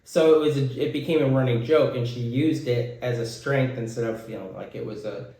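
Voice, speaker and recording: American man, mid-pitched, rambling, very echoey room. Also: a little fast, dark tone. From United States. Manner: rambling, self-correcting, many fillers. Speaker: podcast co-host. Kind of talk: casual chat.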